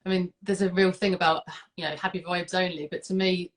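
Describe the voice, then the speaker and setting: A woman's voice: on the low side, level tone, fairly quick. A woman guest in an interview, talking in a chatty, emphatic way and often seeking agreement with "isn't it?". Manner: chatty, emphatic, seeks agreement with tag questions. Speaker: guest, client. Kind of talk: casual interview chat.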